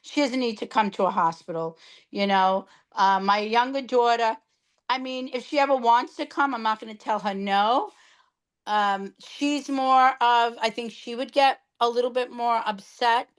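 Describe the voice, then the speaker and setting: A middle-aged New York woman tells her story in lively, casual talk, with a fairly high voice. She acts out the lines of the people she quotes as she goes. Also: moderate pace. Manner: animated storyteller, acting out quoted dialogue. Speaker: guest sharing her cancer story. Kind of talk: casual chat.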